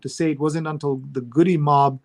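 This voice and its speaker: A man's voice: a little high, fairly even intonation, brisk, darkish tone. A man hosting a live online readalong, chatting casually and skimming headlines aloud over a video call. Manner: conversational, skims headlines aloud with fillers. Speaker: host.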